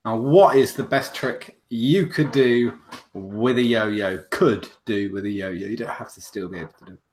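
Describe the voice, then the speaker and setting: A man's voice: medium pitch, moderate pace, darkish tone, slight background noise. A man hosting a casual livestream chat, rambling and self-mocking, with lots of restarts. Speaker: host.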